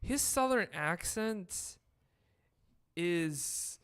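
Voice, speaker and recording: A man co-hosting a casual sports podcast, talking in a slow, rambling way with fillers. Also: high voice, expressive, a bit bright, clean tone. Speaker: podcast co-host.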